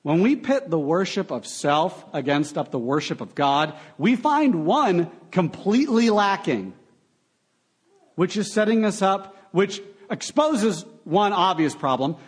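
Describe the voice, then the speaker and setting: A young adult man preaching a sermon, animated and full of sarcastic asides. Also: a little high, moderate pace, breathy edge. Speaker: pastor.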